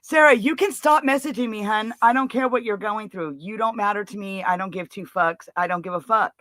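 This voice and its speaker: A woman hosting her own livestream, blunt and defensive, with curses sprinkled through everything she says. Her voice sits at an ordinary middle pitch and sounds close and dry, with no room echo. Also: a little fast, fairly bright tone. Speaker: livestream host. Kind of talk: heated casual livestream chat.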